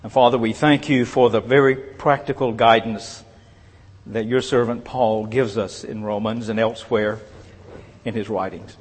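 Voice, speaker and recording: A man preaching a sermon, earnest and measured, letting his phrases fall away softly at the end. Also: fairly low pitch, fairly even intonation, breathy edge. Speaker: pastor. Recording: long reverb of a large hall.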